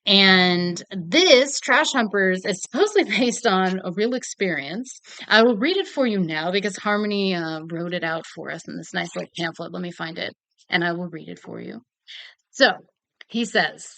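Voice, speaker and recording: A young woman chats about her favorite films, gushing and cursing freely with frequent laughs. Her voice is bright and forceful. The sound is dry and close, with no room around it. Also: lowish voice, expressive, normal speed, gravelly, no room sound. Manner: gushing, swearing, laughing often. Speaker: film reviewer. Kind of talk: casual movie talk to camera.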